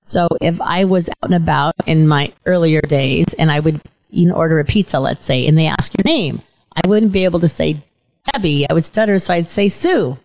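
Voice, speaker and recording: A middle-aged woman hosts a relaxed talk show, her voice sitting a little low. She chats easily and tells stories, now and then catching on a stutter. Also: fairly quick, poor audio. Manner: chatty, warm storytelling with occasional stutter. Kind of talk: casual interview chat.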